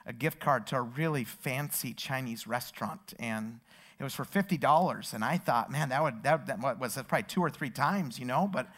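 A man's voice: mid-range voice, normal speed. A man, a pastor, preaching a sermon with stories and rising emphatic passages. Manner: storytelling, building to loud emphatic preaching.

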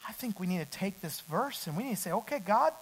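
A middle-aged man preaching a sermon. He climbs to loud, emphatic peaks and then drops back to a quiet storytelling tone. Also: high-pitched, animated, fast talker, low-quality recording.

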